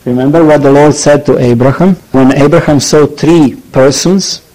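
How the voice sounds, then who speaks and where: A man preaching a sermon in an earnest, halting way, often pausing to search for his words. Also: on the high side, steady tone, dark tone, low-quality recording.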